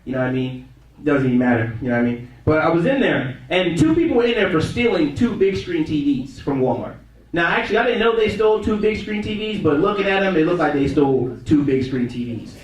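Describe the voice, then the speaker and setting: A stand-up comedian with a high, light voice, talking loosely and casually to a small club crowd. He is heard from far off in a very echoey room. He drifts between his own voice and quick impressions. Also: sing-song. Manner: laid-back, conversational, slips into quick impressions. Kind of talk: stand-up set. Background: audience laughter.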